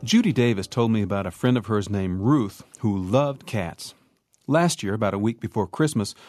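A man spins a folksy story with a lively, swooping voice. He talks in a dry, close setting and acts out each person as he goes. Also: lowish voice, no room sound. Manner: animated, acts out characters.

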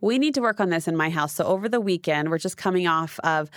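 A woman hosting an interview conversation, chatty and warmly affirming. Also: on the low side, expressive, fast talker, no room sound, clean studio sound. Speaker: podcast host.

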